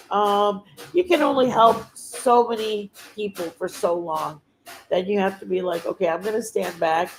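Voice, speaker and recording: A middle-aged woman hosts a casual livestream chat in a mid-range, somewhat dark voice, over a rough recording with a bit of hiss or hum. She rambles earnestly and from the heart, pausing often to find the right words.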